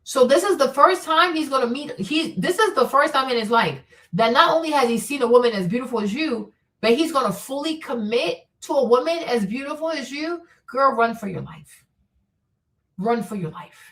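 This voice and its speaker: A woman hosting a livestream, giving blunt, profane, animated commentary on relationships. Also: high-pitched, normal speed, distant mic, poor audio. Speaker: livestream host.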